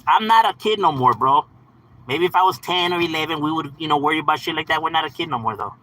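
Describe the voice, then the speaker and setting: A man streaming live, answering his chat in a loose, slangy, profane way with lots of laughter. His voice sits a bit high, sharp and bright. It has a husky edge. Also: fast, rough recording. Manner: slangy, profane, laughs often, repeats "bro" and "homie". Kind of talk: casual livestream monologue answering chat.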